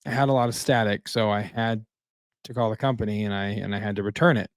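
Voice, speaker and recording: A man's voice: lowish voice, steady tone, fast, no room sound, studio quality. A man co-hosting a casual podcast, wrapping up with plugs and dad jokes. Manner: jokey, tells dad jokes. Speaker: podcast co-host.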